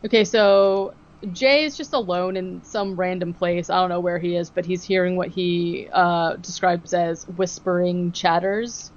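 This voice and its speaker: A woman's voice: fairly low pitch, unhurried, dull audio. A woman podcast co-host in casual chat, animatedly recapping a TV episode and acting out the quotes, with lots of "like" and "um". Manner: animated storytelling, acting out quotes, many fillers like "like" and "um".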